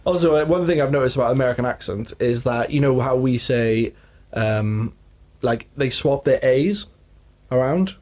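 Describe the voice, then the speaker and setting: A man's voice: mid-range voice, normal speed, darkish tone. A young man co-hosting a casual podcast, telling family stories and laughing often. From Wales. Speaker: podcast co-host. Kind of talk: casual chat.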